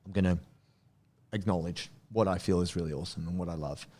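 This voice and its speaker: A man, a podcast guest and coach, telling stories in animated casual chat and laughing easily. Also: sits low. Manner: animated storyteller, quick to laugh. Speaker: guest, strength and martial arts coach.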